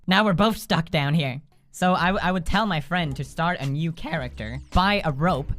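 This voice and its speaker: A young man hosting a gaming video, telling comic stories in a casual, profane, animated way and laughing often. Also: a little high. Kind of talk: casual comedic storytelling.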